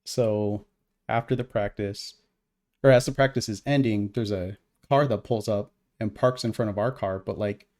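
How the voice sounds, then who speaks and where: A man's voice: on the low side, steady tone, normal speed, a little mellow. A man co-hosting a podcast, telling a heated story in casual, profane chat. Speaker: podcast co-host.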